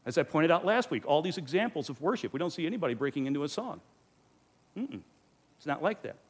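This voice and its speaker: An earnest man teaching a sermon to his congregation. His voice sits a little high and swings widely in pitch. He pushes his points home and fires off rhetorical questions. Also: big pitch swings, fast talker, husky. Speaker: pastor teaching a Bible study. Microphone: microphone.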